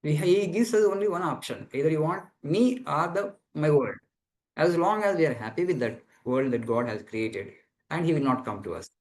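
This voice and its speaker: Earnest monk teaching over a video call. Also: male voice, on the high side, expressive, normal speed, darkish tone, rough recording. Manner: earnest, explanatory, repeats phrases while searching for words. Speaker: monk answering students' questions. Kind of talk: spiritual teaching talk.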